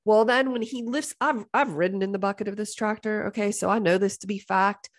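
Fairly quick and medium in pitch, a middle-aged woman tells a story on her podcast in a casual, animated style. She comes across as exasperated yet joking, and she keeps dropping into impressions of other people.

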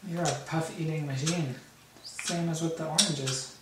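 A man feeding his baby at home, talking to her in gentle, doting, playful baby talk. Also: fairly high pitch, steady tone, a little slow. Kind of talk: baby talk during lunch. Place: home, at a baby's mealtime. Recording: echoey room, far from mic, loud background noise.

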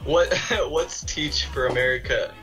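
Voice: medium pitch, unhurried, a bit bright, low-quality recording. A player in a card game with friends, reacting with breathless laughter and reading answers aloud. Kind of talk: casual gaming banter. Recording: music playing behind.

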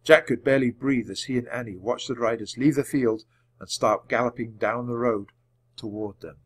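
A man reading a children's chapter book aloud with clear narration. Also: mid-range voice, steady tone, normal speed. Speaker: audiobook reader.

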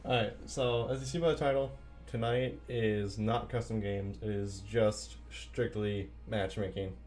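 A man's voice: on the low side, fairly even intonation, unhurried, darkish tone, soft background music. A man streaming a video game, chatting playfully and answering his viewers' chat as he plays. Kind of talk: casual live-stream chat.

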